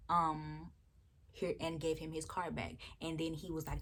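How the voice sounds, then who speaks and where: A young woman vlogger telling a storytime about a rude customer, animated, blunt and profane. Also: lowish voice, unhurried. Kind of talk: storytime chat.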